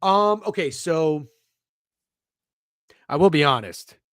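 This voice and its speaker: A young man with a slightly high voice co-hosts a casual sports betting podcast over a video call, speaking slowly with lively intonation and a fairly bright tone. He jokes and swears, flustered as he fiddles with his camera. The recording is dry and studio quality.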